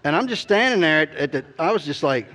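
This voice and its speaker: A man's voice: a little high, big pitch swings, quick pace, fairly bright tone. A middle-aged man preaching by telling a story about himself, rambling and self-deprecating, with many "you know"s. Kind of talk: storytelling sermon.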